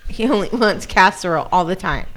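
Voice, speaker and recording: A woman's voice: mid-range voice, expressive, brisk, fairly bright tone, slight background noise, poor audio. Host: a laughing, joking woman, casual film reaction chat. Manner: laughs often, jokey.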